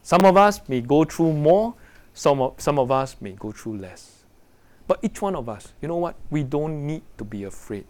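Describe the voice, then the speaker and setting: Animated man preaching to youth. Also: on the high side, normal speed, creaky. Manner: animated, rhetorical questions, acts out quoted voices. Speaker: preacher to young people. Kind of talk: sermon.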